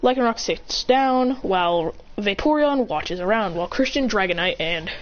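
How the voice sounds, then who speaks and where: A woman's voice: medium pitch, lively intonation, moderate pace. A woman telling an improvised fan story, rambling and correcting herself as she goes. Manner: rambling, self-correcting, breathless. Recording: muffled home recording with faint hiss.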